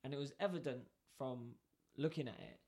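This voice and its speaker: Animated man telling a story. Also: medium pitch, fairly quick, slightly rough. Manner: animated, acts out both sides of dialogue. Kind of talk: casual storytelling.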